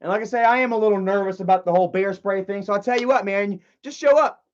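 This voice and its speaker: A man's voice: high voice, fairly even intonation, rapid-fire, highs cut off. A man livestreaming in casual chat, agitated and rambling, with many fillers and restarts. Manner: agitated and confrontational.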